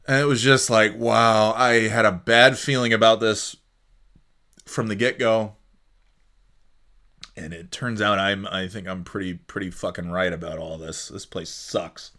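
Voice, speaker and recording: A man's voice: lowish voice, fairly even intonation, measured pace, pushed and bright. A man hosting a casual solo podcast, sleepy and yawning, ranting sarcastically with plenty of swearing. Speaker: podcast host.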